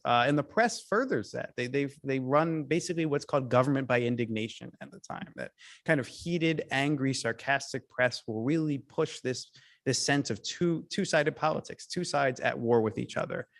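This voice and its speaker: A man's voice: medium pitch, gravelly, no echo. A man giving a public history lecture as guest speaker, storytelling in an emphatic way and often restarting his sentences.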